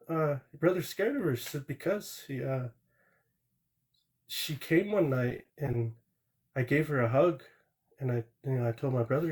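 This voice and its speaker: A man's voice: a little high, lively intonation, a little slow, long pauses, a little mellow. A man calling into a live stream and telling a true ghost story in a rambling, plain-spoken way, with small restarts and asides. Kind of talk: casual storytelling.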